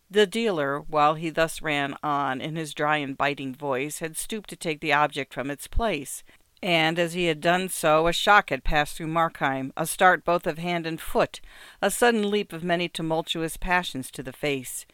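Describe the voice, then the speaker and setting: A narrator reading classic fiction aloud in a measured, even storytelling manner. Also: mid-range voice, smooth, dry recording.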